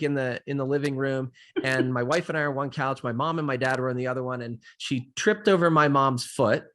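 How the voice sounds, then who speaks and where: A man's voice: medium pitch, a bit bright. A middle-aged man hosting an interview, telling stories in a loose, rambling way full of fillers and restarts. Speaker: host. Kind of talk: casual interview chat.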